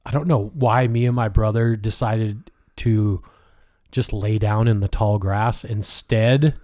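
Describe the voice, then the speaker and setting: A man's voice: on the low side, fairly even intonation, unhurried, warm tone. Swearing, rambling Pacific Northwest man. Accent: Pacific Northwest American. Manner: rambling, heavy swearing, whispers quoted lines. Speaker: podcast co-host. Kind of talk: casual storytelling chat.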